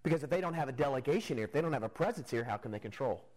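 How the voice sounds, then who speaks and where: A man preaching a sermon at a middle pitch. He talks conversationally, walking listeners through a Bible passage, and now and then lifts his voice for emphasis. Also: expressive, racing, darkish tone, poor audio. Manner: conversational preaching, rising emphatically at key points. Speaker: pastor.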